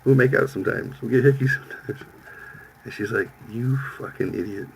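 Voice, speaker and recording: A man's voice: medium pitch, fairly quick, vocal fry, slight background noise, low-quality recording. A man in his fifties, a podcast host telling a profane story in casual chat, acting out the lines of the people in it. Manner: profane, animated storytelling with quoted voices.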